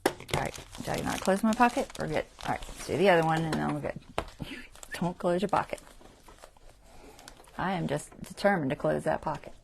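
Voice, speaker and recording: A woman's voice: deep voice, brisk, gravelly, pauses often, a little hiss or hum. Self-mocking woman muttering while sewing. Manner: self-deprecating, talks to herself while sewing. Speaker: craft channel host. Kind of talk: casual livestream crafting talk. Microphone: clip-on mic.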